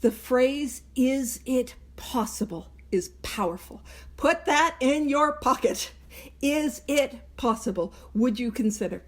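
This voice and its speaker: A woman's voice: high-pitched, expressive, slow pace. A woman leading an online recovery book study, reading passages and explaining them in a chatty, self-mocking way with tangents. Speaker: Big Book study leader.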